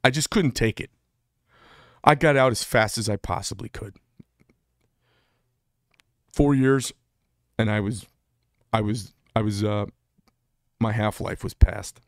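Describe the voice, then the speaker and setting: A man's voice: fairly low pitch, fairly even intonation, takes it slowly, long pauses, dry recording, studio quality. A middle-aged man who served in the military gives a candid, rambling monologue, blunt and prone to restarting his sentences. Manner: blunt, rambling, self-interrupting. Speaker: veteran vlogger.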